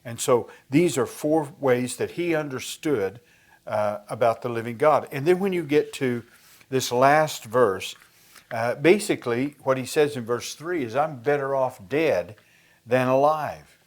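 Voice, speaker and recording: A man's voice: medium pitch, measured pace. A man teaching a Bible study lesson, explaining words in a conversational way and reading scripture aloud with emphasis.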